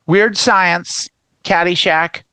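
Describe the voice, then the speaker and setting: Animated joking middle-aged woman podcaster. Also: lowish voice, smooth. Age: 40s or 50s. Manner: animated, joking, quick asides. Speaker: podcast co-host. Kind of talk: casual chat.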